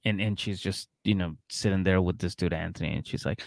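Male podcast co-host, low and gravelly, dry studio sound, profane storyteller who acts out the quotes. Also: brisk, no echo. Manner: profane storytelling that acts out other people's lines. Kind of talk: casual chat recapping a reality show.

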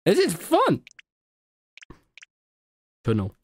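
A young man livestreaming from his room, chatting casually in an excitable, swearing, rambling way. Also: high-pitched, drawn-out words. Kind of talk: casual chat.

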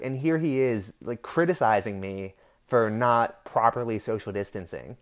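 A man's voice: medium pitch, measured pace, few pauses. A young man telling a heated story in a casual rant, swearing freely.

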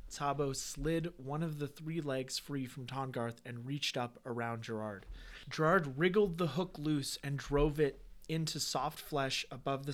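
A man's voice: mid-range voice, a bit bright. Man casually retelling a fantasy story. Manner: reads story text, then breaks off into joking asides. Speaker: podcast host.

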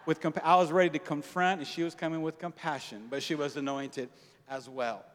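Animated preacher in a reverberant hall. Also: male voice, a little high, a little fast. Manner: animated storytelling, acting out dialogue, casual slang. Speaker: pastor. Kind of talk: sermon.

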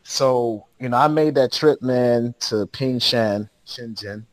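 A man in the middle of a casual story, talking in loose slang and laughing as he goes. His voice sits at an ordinary middle pitch. The sound is dry and close, with no room echo. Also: takes it slowly. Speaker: podcast guest.

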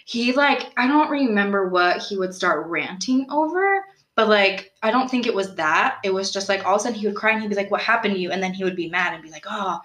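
A young woman hosting a podcast, telling a true-crime story in a casual, animated way, full of "like" and questions put to her co-host. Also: medium pitch, brisk. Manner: chatty, animated, lots of "like" and rhetorical questions. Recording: roomy echo.

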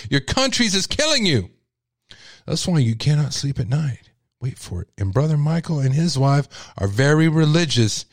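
Man doing an angry grieving widow, accusing rant, sharp pitch swings, middle pitch, dry close sound. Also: no echo. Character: furious grieving widow woman accusing her in-laws. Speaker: podcast host.

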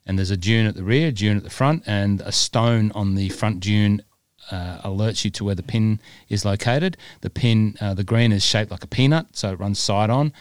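Deep-voiced man rambling on a podcast. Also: moderate pace, clean tone, no room sound. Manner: rambling, lots of fillers. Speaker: podcast co-host. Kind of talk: casual chat.

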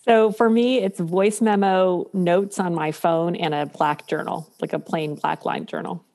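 A woman's voice: on the low side, fairly even intonation, unhurried, vocal fry, a little mellow. A woman guest in an interview, a company co-founder, speaking in an earnest, reflective way. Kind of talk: casual interview chat.

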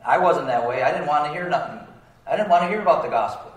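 A man's voice: fairly high pitch, animated, quick pace. A man preaching a sermon as pastor, talking in plain colloquial speech and asking the congregation for amens. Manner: call-and-response, asking for amens. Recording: roomy sound, distant from the mic.

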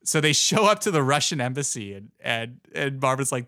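A man's voice: medium pitch, lively intonation, a little fast, bright, forceful tone, no echo, studio quality. A man casually recapping a movie plot in a chat, rambling with lots of fillers. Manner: rambling retelling with many fillers.

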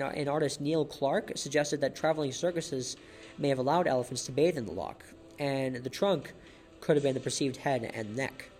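A man's voice: mid-range voice, darkish tone. A man hosting a solo podcast episode, narrating facts in a casual way. He stumbles often, restarts his sentences and repeats words. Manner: chuckles at his own jokes.

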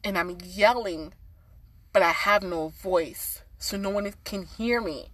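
A woman's voice: medium pitch, takes it slowly, fairly bright tone. A woman speaking earnestly and passionately in a casual conversation, with many fillers.

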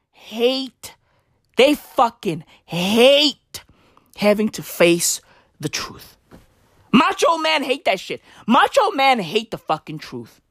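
A woman's voice: high voice, fairly bright tone, no room sound, clean studio sound. A woman delivering a crude, rambling, profane comedic rant in slangy bro talk.

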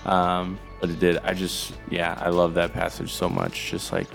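Male podcast co-host, easygoing faith chat. Deep voice with audible fry. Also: completely flat delivery, normal speed, fairly bright tone, soft background music. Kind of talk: casual faith conversation.

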